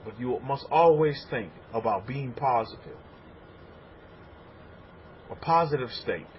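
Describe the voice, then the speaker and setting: A man preaching a sermon as a rabbi, animated and repetitive. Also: mid-range voice, takes it slowly, muffled recording, a little hiss or hum. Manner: animated preaching, acts out congregants' voices.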